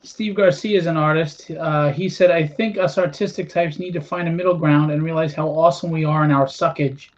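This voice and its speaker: High-voiced chatty host from Queens. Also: fairly even intonation, a little fast, few pauses, dull audio. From Queens, New York. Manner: chatty, laughing, reads viewer comments. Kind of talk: casual chat.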